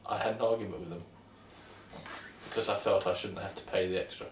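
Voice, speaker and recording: A man's voice: low voice, fairly even intonation, a little fast, slight background noise. A man co-hosting, telling a story about a train journey in a plain, matter-of-fact way. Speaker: co-host. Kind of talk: casual anecdote telling. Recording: roomy echo, distant mic.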